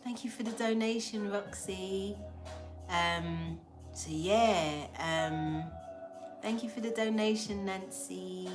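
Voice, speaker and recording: A woman telling a story casually to a livestream audience, animated and slangy, acting out the lines of the people in it. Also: mid-range voice, slow, over music. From England. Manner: animated, slangy, acts out dialogue. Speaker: spiritual livestream host.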